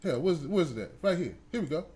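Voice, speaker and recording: A man's voice: fairly high pitch, animated, brisk, dark tone, slightly rough. A male talk show host giving emphatic, preachy commentary and speaking straight to his audience. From United States. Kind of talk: opinionated commentary.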